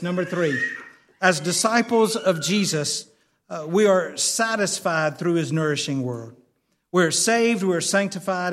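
A man preaching with an unusually high voice and an earnest, heartfelt delivery. He stammers and restarts often, repeating his points for emphasis. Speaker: pastor. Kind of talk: sermon.

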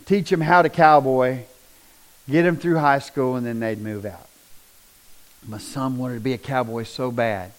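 A middle-aged man, telling a personal testimony in a folksy, animated storytelling way. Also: medium pitch, unhurried, poor audio. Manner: animated, down-home storyteller with rising bursts of emphasis. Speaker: speaker sharing a personal testimony.

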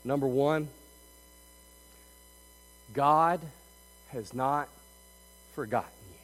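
A man preaching a sermon as pastor, moving between loud, emphatic passages and quiet, intimate asides. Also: mid-range voice, very slow, long reverb tail, poor audio. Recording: faint mains hum.

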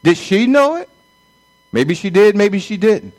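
High-voiced man preaching a sermon. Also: big pitch swings, a little slow, a little mellow, rough recording. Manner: conversational preaching, acts out quoted voices. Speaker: pastor.

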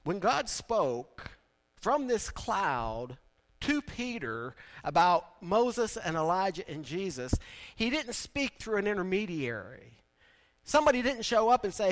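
A man preaching a sermon in a conversational way, building now and then to loud, emphatic peaks. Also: high voice, very animated, unhurried. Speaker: pastor.

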